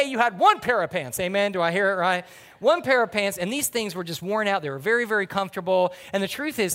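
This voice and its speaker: High-voiced man preaching in a reverberant hall. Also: fairly bright tone. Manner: folksy storytelling, calls to the congregation. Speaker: pastor. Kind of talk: sermon.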